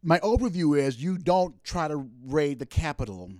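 A middle-aged man from the American South chatting about politics, animated and apologetic, often repeating himself. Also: fairly high pitch, normal speed, dry recording, studio quality. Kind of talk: casual political chat.

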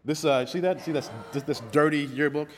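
A man's voice: a little high, fairly even intonation, a little fast, slight background noise. A man of about fifty from Louisville, Kentucky, telling a personal story in a conversational way, restarting often and quoting others. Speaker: public speaker. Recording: long hall reverb.

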